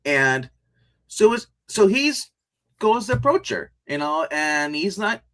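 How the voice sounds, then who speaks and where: Man, casual review chat, rambling, animated, many restarts. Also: high voice, slow. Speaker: podcast co-host reviewing a TV show.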